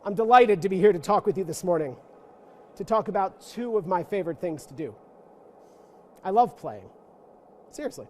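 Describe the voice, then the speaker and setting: High-voiced playful male lecturer. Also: lively intonation, moderate pace, long pauses, warm tone, slight background noise. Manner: playful, self-mocking, joking asides. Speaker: guest lecturer. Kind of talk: interactive lecture to a church audience. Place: church forum room.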